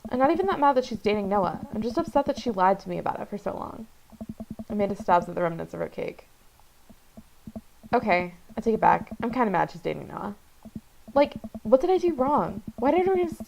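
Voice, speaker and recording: A woman's voice: a little high, expressive, vocal fry, a little mellow, slight background noise, rough recording. A woman reading as a hurt, ranting teenage girl. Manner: rapid, indignant, rambling. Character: upset teenage girl venting to her dad.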